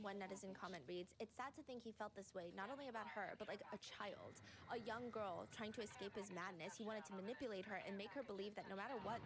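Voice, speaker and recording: A woman giving casual commentary in a chatty, conversational way, reading out lyrics and comments as she goes. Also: medium pitch.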